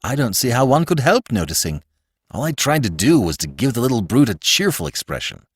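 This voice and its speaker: A fretful young artist from a storybook reading, speaking low, soft and hesitant, played by a male narrator. The voice is close and dry. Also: sing-song, fairly quick, slightly rough, no room sound. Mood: gloomy. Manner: subdued, worried and hesitant. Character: anxious young male painter.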